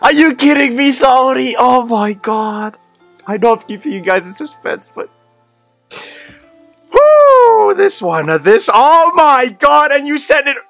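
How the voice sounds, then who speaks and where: A man hosting an excited unboxing vlog, gushing and exclaiming, repeating his thanks again and again. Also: very high voice, moderate pace, soft background music. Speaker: unboxing host.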